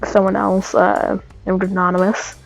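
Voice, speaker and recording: A woman's voice: mid-range voice, flat delivery, measured pace, gravelly, soft background music, poor audio. A woman telling a made-up fan story in a casual, rambling way that keeps stopping to correct itself. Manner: rambling, trailing off, self-correcting.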